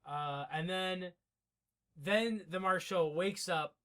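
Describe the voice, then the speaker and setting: A man co-hosting a casual podcast recap, rambling, swearing and acting out scenes in quick impressions. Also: high-pitched, bright, forceful tone, clear, resonant tone. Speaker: podcast co-host.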